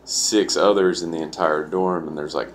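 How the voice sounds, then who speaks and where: Low-voiced man rambling through a story. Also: fairly even intonation, normal speed, a little hiss or hum. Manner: rambling, full of "like" and profanity. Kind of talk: casual storytelling.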